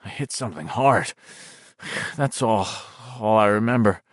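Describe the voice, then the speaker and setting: A man's voice: on the low side, unhurried, no echo, clean studio sound, close to an everyday voice. A man voicing a hurt grown man who mutters in a sleepy, irritable voice. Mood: groggy.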